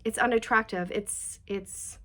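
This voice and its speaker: A woman's voice: on the high side, fairly even intonation, a little slow, fairly bright tone. A woman giving a chatty, reassuring tarot reading and passing on channeled messages directly to her viewers. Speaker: tarot reader.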